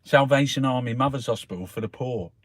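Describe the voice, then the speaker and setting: Reviewing the newspapers in a mid-range voice and at a brisk pace, this South London host with a Cockney accent rambles on casually. He swears nonstop and keeps addressing the listener as "mate."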